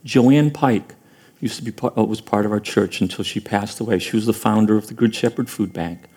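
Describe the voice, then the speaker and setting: A man's voice: on the low side, fairly quick, a little mellow, breathy edge. A man preaching a sermon as pastor, earnest, often repeating words and restarting phrases.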